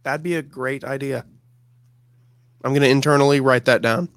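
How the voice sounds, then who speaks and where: Man with a clear, dry podcast voice. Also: mid-range voice, steady tone, moderate pace, fairly bright tone, dry recording. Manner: upbeat, rambling with fillers. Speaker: podcast co-host. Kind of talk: casual chat.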